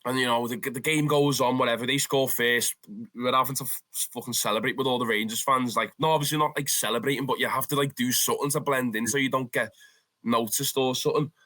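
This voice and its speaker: A young man with a Scouse accent, a football fan telling stories in a casual interview, animated and swearing freely. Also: mid-range voice, fast. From Liverpool, England. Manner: animated, swears freely, calls the listener "lad".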